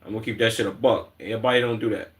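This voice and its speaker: A man's voice: fairly low pitch, fairly even intonation, very fast. A man with a Chicago accent streaming and reacting to clips in blunt, slangy, heavily profane casual talk.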